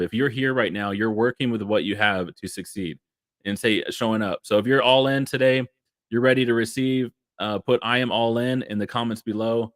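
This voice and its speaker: A man's voice: lowish voice, no room sound, clean studio sound. A man hosting an online event, hyping up the guest and the audience with eager cheerleading. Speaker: livestream host.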